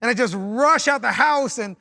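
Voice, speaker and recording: A man's voice: very high voice, normal speed, vocal fry, no echo, studio quality. A man preaching a sermon, telling stories with wry humor and starting his points with "see.". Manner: animated storytelling, opens points with "see"; wry, self-mocking humor. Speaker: pastor.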